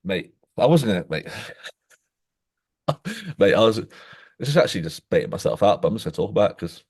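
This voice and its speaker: Chatty man, fairly low voice. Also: fairly quick, husky. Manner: animated storytelling, says "mate" constantly; acts out quoted voices with jumps in pitch. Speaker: podcast co-host. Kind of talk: casual chat.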